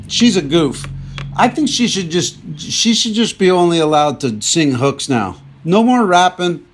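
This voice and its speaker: Man podcast host, casual comedic monologue, rambling jokey rants, voice a bit on the high side. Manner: rambling, jokey ranting asides.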